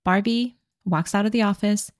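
A woman co-hosting a podcast, casually retelling a movie plot with animated, playful quoted lines. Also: medium pitch, moderate pace, no echo, clean studio sound. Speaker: podcast co-host recapping a movie.

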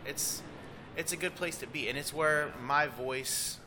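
A man's voice: fairly high pitch, background noise. A man in a band, guest on a podcast, chatting casually and easily, with frequent restarts. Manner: easygoing, talks in quick bursts with restarts. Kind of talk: casual interview chat.

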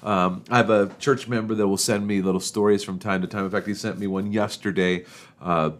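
Chatty pastor telling jokes. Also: male voice, lowish voice, fairly even intonation, a little fast. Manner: chatty, laughs at his own jokes, acts out quotes. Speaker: pastor and podcast host. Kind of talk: casual storytelling talk.

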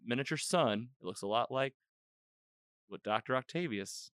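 Man, podcast host, bright forceful voice, dry close sound, rambling recap. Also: medium pitch, normal speed, dry recording. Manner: rambling, animated retelling with quoted lines. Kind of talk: casual episode recap chat.

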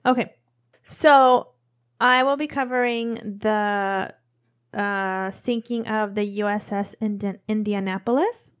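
A young woman co-hosting a podcast, chatting quickly with lots of "like" before moving into true crime narration. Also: medium pitch, fairly even intonation. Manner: quick, chatty, says "like" a lot. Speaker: podcast co-host.

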